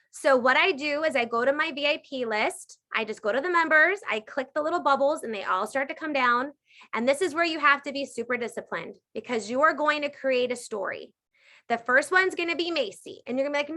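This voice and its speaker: Woman, thirties, energetic live Q&A coach, emphatic and repetitive, fairly high voice. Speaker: direct sales team leader.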